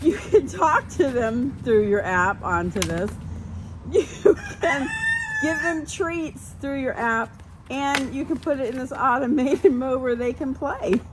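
A woman in her thirties filming her dogs at home, animated and laughing often as she coaches children. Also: high voice, slow. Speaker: dog owner filming her pets. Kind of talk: casual home video narration. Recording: noisy home video recording.

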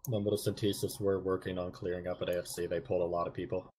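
A man reporting as a squad leader in an online war game, giving quick status updates under pressure. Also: low voice, little pitch movement, dark tone, slight background noise.

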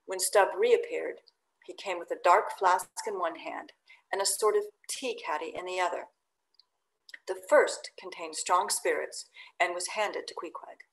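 A woman reading a classic sea novel aloud in an expressive, theatrical audiobook style. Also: on the low side, measured pace, rough recording. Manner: theatrical, swings loud on exclamations. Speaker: audiobook reader.

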